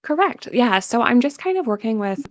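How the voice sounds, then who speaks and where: A woman's voice: a little high, sing-song, brisk, darkish tone, no room sound, studio quality. A woman from North Carolina with a general American accent, a guest voice actor chatting casually and upbeat in an interview. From North Carolina, USA. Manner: chatty and upbeat, laughs easily, with fillers.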